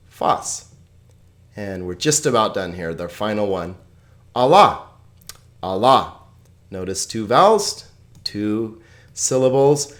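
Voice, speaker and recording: A man teaching a relaxed video language lesson, friendly and chuckling often as he explains. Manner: friendly, chuckles often, lively pitch swings.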